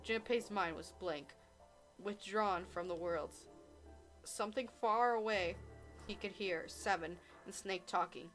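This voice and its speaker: A young woman playing a visual novel, reading the text and dialogue aloud with laughing, excited asides. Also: medium pitch, a little slow, faint music behind. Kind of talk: let's play narration.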